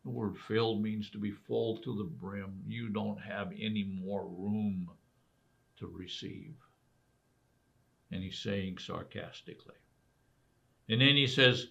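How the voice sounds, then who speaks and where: Slow gravelly-voiced male preacher. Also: on the low side, fairly even intonation, bright, forceful tone. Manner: emphatic preaching with rhetorical questions. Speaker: pastor. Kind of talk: sermon. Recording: dull lo-fi recording.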